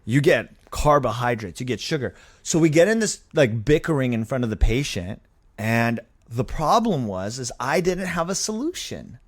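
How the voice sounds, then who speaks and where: A man's voice: medium pitch, very animated, moderate pace. Young man telling stories with fired-up emphasis. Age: young adult. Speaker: guest physician. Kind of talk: casual interview storytelling. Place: medical clinic.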